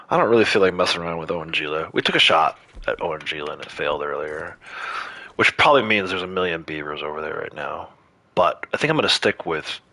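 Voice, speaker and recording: A man's voice: deep voice, pushed and bright. A man giving casual, chatty commentary to viewers while playing a game on a livestream.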